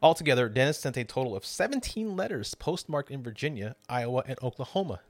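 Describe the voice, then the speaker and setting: A man's voice: mid-range voice, big pitch swings, quick pace, no echo. A man hosting a podcast, narrating a true crime story with drama and casual swearing. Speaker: podcast host.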